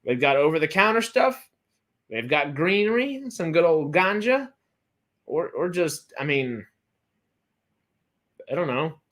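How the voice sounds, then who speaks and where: A man's voice: a little high, sing-song, measured pace, long pauses, a bit bright. A man from Texas hosting a casual livestream chat, rambling with frequent restarts and fillers. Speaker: host.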